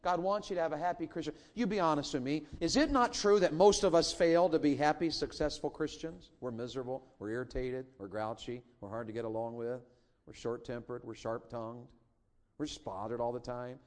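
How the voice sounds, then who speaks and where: A middle-aged man preaching a sermon in a church, telling family stories with big swings between loud and hushed. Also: medium pitch, fairly quick. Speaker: pastor.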